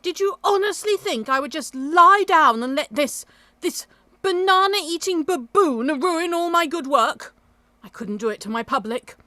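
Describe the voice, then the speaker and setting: A woman playing a booming diva. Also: lively intonation, a little slow, pushed and bright, heavily acted. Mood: imperious. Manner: booming, dramatic. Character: grand injured leading lady, domineering. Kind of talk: amateur play reading.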